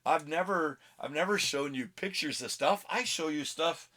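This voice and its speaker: A man's voice: on the high side, moderate pace, pushed and bright. A middle-aged man hosting a casual comic book vlog, rambling and easily sidetracked, laughing at himself and recording on his phone. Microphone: phone camera.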